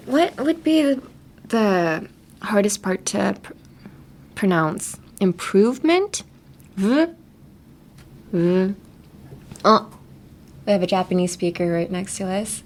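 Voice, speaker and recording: A woman's voice: mid-range voice, sing-song, slow, pauses often. Giggly woman teaching english pronunciation. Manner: laughs often, playful pronunciation demos. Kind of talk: casual teaching chat. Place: radio studio.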